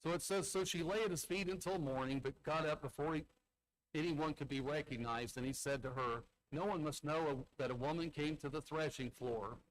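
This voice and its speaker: A man's voice: a little high, a little fast, poor audio. A man, a church elder, preaching a sermon conversationally, asking the congregation rhetorical questions and acting out the characters' lines as he retells a Bible story. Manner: conversational, asks listeners rhetorical tag questions; acts out the characters' quoted lines in Bible stories.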